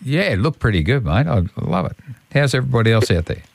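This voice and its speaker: A man's voice: mid-range voice, expressive, quick pace, creaky, husky. A man with an Australian accent hosting breakfast radio, chatting and joking with a caller. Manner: chatty, jokey banter. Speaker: radio host. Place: radio studio. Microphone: studio microphone.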